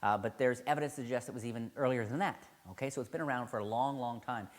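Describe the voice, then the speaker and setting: A man's voice: medium pitch, quick pace. A man teaching card sleights in a casual video tutorial, enthusiastic and conversational, often correcting himself mid-sentence.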